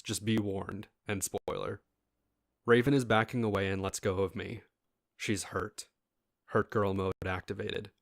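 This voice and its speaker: A man's voice: fairly low pitch, no room sound, clean studio sound. A man reading a first-person internet story aloud in a casual style, with asides to his listeners. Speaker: story reader.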